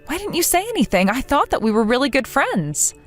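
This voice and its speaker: A woman reading as a bewildered young woman pleading with a friend who turned on her, in a text-message story. She sounds earnest and hurt, with a fairly high voice that swings widely in pitch. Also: big pitch swings, brisk, soft background music. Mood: heartfelt.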